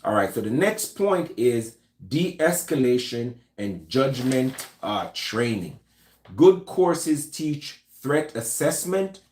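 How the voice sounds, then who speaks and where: A man's voice: medium pitch, a little mellow, echoey room. A man hosting a casual talk show, speaking loosely and conversationally with slang and frequent restarts. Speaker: host.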